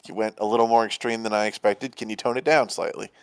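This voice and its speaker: A young man chatting casually through a game playthrough, with a dry, low-key delivery. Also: steady tone, quick pace, clear, resonant tone. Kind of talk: casual let's play chat.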